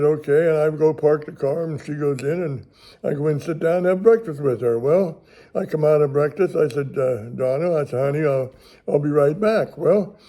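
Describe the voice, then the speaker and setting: A man's voice: a little high, mellow. An older American man, a ministry television host, telling a rambling, chuckling story in folksy everyday grammar. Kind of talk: casual storytelling.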